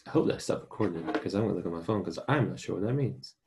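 A man's voice: sits low, expressive, racing, background noise. A man giving a casual, chatty recorded online Spanish lesson and talking straight to his students. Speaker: Spanish teacher.

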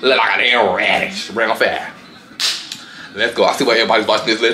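A man giving sassy, animated reaction commentary on fight highlights, full of exclamations and sudden squealed outbursts. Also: a little fast, reverberant, over music. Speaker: reaction video host.

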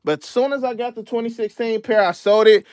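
A young man hosting a casual livestream, chatting in slang about his collection and shouting out viewers who donate. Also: very high voice, fairly quick, clean tone, no room sound, studio quality. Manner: laid-back slangy chatter, shouting out donors. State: out of breath. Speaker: sneaker channel host. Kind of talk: casual livestream show-and-tell.

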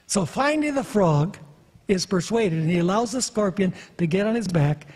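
A man's voice: high-pitched, expressive, brisk, a little mellow, slightly rough. A man preaching a sermon, emphatic and questioning his audience. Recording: long reverb of a hall.

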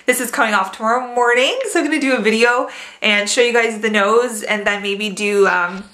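Chatty young woman vlogging from home. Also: fairly quick. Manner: chatty, talks to her dogs in a high excited voice. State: a little out of breath. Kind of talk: casual vlog update. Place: at home indoors.

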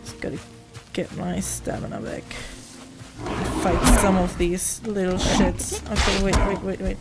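A woman's voice: mid-range voice, little pitch movement, a little slow, over loud music. A woman giving casual running commentary on her own gameplay, talking to herself, jumpy and given to swearing. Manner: jumpy, swearing, talks to herself while playing. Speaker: gaming channel host.

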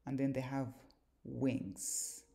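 A woman giving a slow, deliberate explanatory lecture on word meanings, pausing often with fillers. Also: extremely low pitch, fairly even intonation, gravelly, mellow. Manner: measured, deliberate, with pauses and fillers. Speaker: language teacher.

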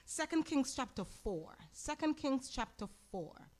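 A woman pastor with a Caribbean accent teaching a Bible lesson, animated, asking the audience questions and acting out quoted lines. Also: high voice, measured pace. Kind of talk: sermon-style Bible teaching.

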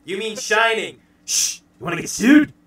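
A man doing a gruff Scottish cartoon groundskeeper. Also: high-pitched, normal speed, bright, forceful tone, heavy reverb, recorded from a distance. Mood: blustery. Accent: put-on Scottish.

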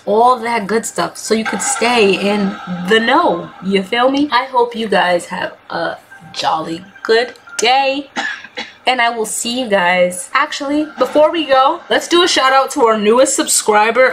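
A woman's voice: a little high, a little hiss or hum. A young woman narrating her Roblox hospital role-play in a dramatic, slangy, playfully over-the-top way. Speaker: gaming YouTuber.

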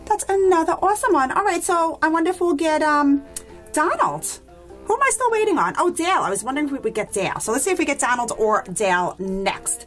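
A woman's voice: high voice, sing-song, fast, a bit bright, soft background music. A woman hosting a toy unboxing vlog, gushing with enthusiasm and talking to her viewers as guys. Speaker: toy unboxing channel host.

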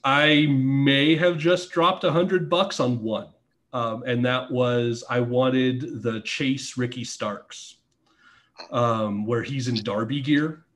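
A man guesting on a podcast, telling a story in a casual, animated way, with lots of swearing and acted-out quotes. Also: medium pitch, slow. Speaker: podcast guest, former wrestler.

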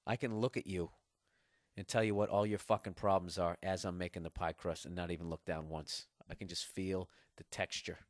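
On his casual solo podcast, a Boston-accented man in his forties reads listener email and rants in a profane, mock-aggressive, bragging way. His low-pitched voice stays steady and moves a little fast, recorded in a clean studio with no echo.

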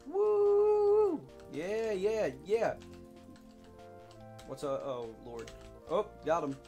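A young man giving let's play commentary, excitable, whooping and shouting while he plays. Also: a little high, slow pace, faint music behind. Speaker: gaming YouTuber.

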